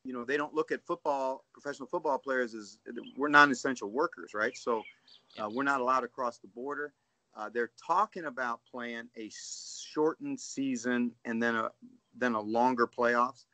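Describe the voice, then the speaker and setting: A man, a guest coach on a casual podcast call, telling animated stories and often asking "right?". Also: mid-range voice, normal speed, no room sound. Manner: storytelling, animated, says "dude" and "right?".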